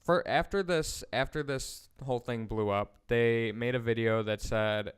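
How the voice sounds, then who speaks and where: Young man, podcast co-host, casual chat, rambling restarts, mid-pitched, very crisp resonant voice. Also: measured pace. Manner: talkative, trails off and restarts mid-thought.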